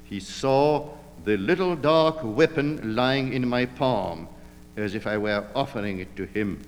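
Measured male audiobook narrator. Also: mid-range voice, in a large hall, slight background noise. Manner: measured, literary storytelling.

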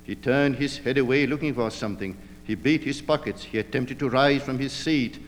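A man narrating an audiobook in a measured, literary storytelling manner. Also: mid-range voice, in a large hall, slight background noise.

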